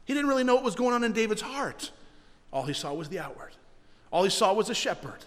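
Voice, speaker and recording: A pastor delivers an animated sermon in a high, bright-edged voice, stumbling over repeated words as he drives ahead. The sound carries a long church-hall echo. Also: fast.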